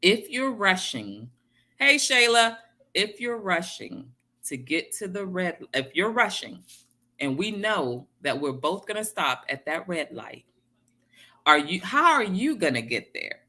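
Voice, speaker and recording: Emphatic woman with a lively voice. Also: lowish voice, a little slow. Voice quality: emphatic, repeats key phrases, addresses viewers by name. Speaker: motivational speaker. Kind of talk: casual motivational talk to viewers.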